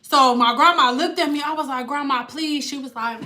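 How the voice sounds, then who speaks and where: Animated, profane woman. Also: high-pitched, fairly quick. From Detroit. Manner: animated, profane, laughing asides. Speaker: vlogger. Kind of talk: casual storytime vlog.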